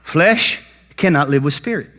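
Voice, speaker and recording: Pastor, male, bright high voice, folksy animated sermon delivery. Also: measured pace. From United States. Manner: animated preacher acting out Bible characters in folksy talk.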